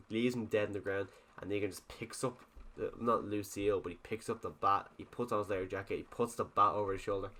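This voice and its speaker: A man's voice: on the low side, fairly bright tone. A young man with an Irish accent rambling through a casual recap of a TV episode, often restarting sentences and quoting characters. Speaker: TV review vlogger.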